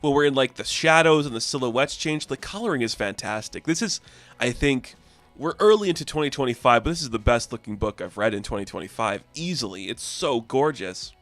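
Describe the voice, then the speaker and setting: A man's voice: medium pitch, lively intonation, fairly quick, fairly bright tone, no echo. A man giving a casual, enthusiastic spoken review of a comic book, with lots of filler words.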